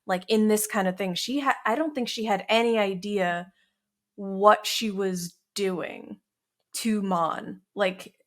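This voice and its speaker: A woman's voice: medium pitch, takes it slowly, a bit bright. A woman co-hosting a podcast in casual chat, speaking thoughtfully with some hesitant restarts. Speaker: podcast co-host.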